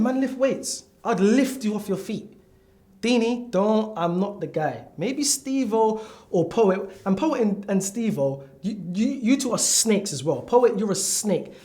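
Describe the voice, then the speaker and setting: A man's voice: high-pitched, mellow. A young man with a London accent, co-hosting a casual podcast chat and trash-talking in a boastful way. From London, England. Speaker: podcast co-host.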